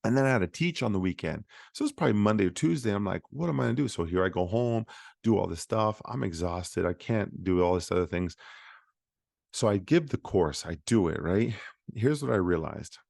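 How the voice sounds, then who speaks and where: A man's voice: deep voice, lively intonation, normal speed, creaky, a little mellow, no room sound, clean studio sound. A man hosting a solo podcast for physical therapists, talking in a conversational, motivational way with frequent fillers. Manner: conversational, many fillers and restarts.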